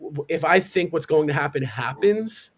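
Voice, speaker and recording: A man with a husky, breathy edge sits on a live sports talk stream, tearing into a team decision. His voice sits high for a man, and he leans on emphatic, indignant rhetorical questions. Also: animated, moderate pace. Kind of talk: heated sports opinion rant. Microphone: live stream call.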